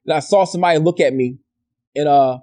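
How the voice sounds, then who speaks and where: A man co-hosting a podcast, telling stories in an animated, profane, casual way. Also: a little high, quick pace. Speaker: podcast co-host. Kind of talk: casual chat.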